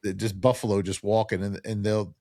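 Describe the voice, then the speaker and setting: Middle-aged man from New Jersey, lowish voice, animated storytelling, dry close mic. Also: fairly quick, dry recording. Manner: animated storyteller who acts out quoted voices. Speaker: podcast guest. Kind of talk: casual storytelling chat.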